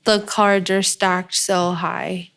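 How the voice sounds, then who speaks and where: A woman's voice: fairly low pitch, level tone, takes it slowly, gravelly, fairly bright tone. A woman guest on a podcast, speaking earnestly and from the heart about supporting other women and her children. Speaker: guest, beauty brand founder. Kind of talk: casual podcast chat.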